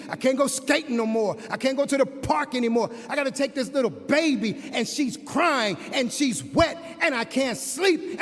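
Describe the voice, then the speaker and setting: A man's voice: very high-pitched, heavily acted. A man speaking as a hurting teenage girl who became a young mother, telling her story in pained first person. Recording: long hall reverb.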